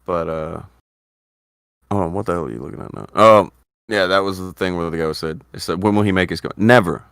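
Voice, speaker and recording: A man's voice: deep voice, fairly quick, fairly bright tone, clear, resonant tone, dry recording, clean studio sound. A man hosting a casual commentary chat, blunt, profane and exasperated. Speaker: host.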